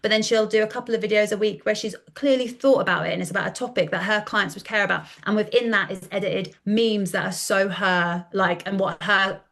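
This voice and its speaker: A woman in her thirties, a content coach talking in a casual podcast interview, chatty and animated, often acting out quoted dialogue. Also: mid-range voice, brisk, gravelly, few pauses. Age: 30s.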